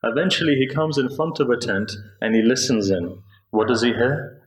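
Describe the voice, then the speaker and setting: A man speaking at a mosque, delivering a slow, grieving sermon narration during a Muharram gathering. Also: mid-range voice, animated, slight background noise. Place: mosque prayer hall. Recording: echoey mosque hall.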